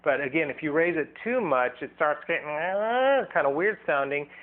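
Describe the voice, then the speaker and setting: A man's voice: fairly high pitch, lively intonation, normal speed. Man teaching singing through a tinny line. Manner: loose, rambling, restarts his sentences; demonstrates vocal sounds as he explains. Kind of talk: casual vocal lesson video. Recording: thin, phone-like band.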